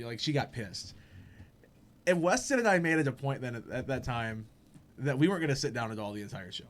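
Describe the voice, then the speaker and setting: A young man on a podcast telling a funny story in casual chat, animated and laughing, acting out the people he quotes. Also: mid-range voice, normal speed. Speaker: podcast host.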